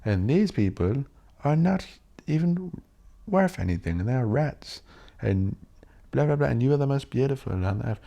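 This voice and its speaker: A ranting fascist dictator, as a man mockingly puts him on, with a voice pitched well above the speaker's usual low tone. The delivery is sneering and over the top, like a mock speech to a crowd. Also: animated, normal speed, vocal fry, warm tone. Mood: grandiose. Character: ranting fascist dictator flattering his people.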